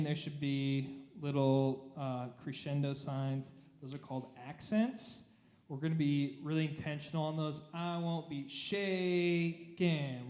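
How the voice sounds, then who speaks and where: A man with a slightly mellow, mid-range voice leads choir rehearsal as its director, going over notes and singing short phrases to demonstrate, in an echoey church room.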